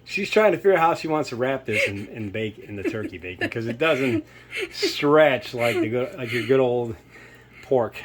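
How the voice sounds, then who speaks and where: Over a loud crowd, a man in his kitchen hosts a casual home cooking demonstration, rambling and self-mocking in a chatty way. His mid-range voice has lively intonation and a moderate pace.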